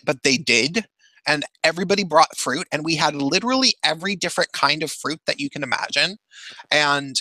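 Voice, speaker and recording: Bright, dry-voiced man telling a rambling story. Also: fairly high pitch, no room sound, low-quality recording. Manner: rambling, halting, with frequent restarts and laughs. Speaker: podcast host. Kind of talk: casual storytelling chat.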